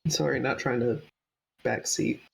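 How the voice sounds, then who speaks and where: A man's voice: mid-range voice, fairly even intonation, measured pace, vocal fry, breathy edge, low-quality recording. A man playing in a tabletop game, chatting casually and joking at the table. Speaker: player.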